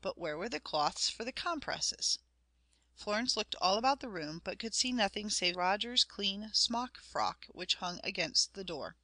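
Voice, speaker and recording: Brief: woman narrator, bright forceful tone, measured storytelling, dry close sound. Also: medium pitch, expressive, no room sound. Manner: measured storytelling, addressing the listener. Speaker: audiobook narrator. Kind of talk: scripted narration.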